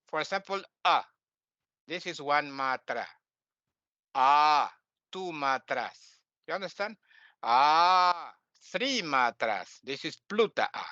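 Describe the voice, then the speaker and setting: Halting man with a bright, crisp voice. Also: sits high, no room sound, highs cut off. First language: Spanish. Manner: halting non-native English with frequent fillers and restarts; drops into quiet muttered asides. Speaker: teacher and author. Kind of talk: lecture on scripture.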